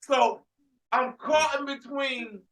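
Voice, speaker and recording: A man hosting a casual sports podcast, telling an animated, ranting story with frequent restarts and shouted emphasis. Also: extremely high pitch, takes it slowly, gravelly. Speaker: podcast host.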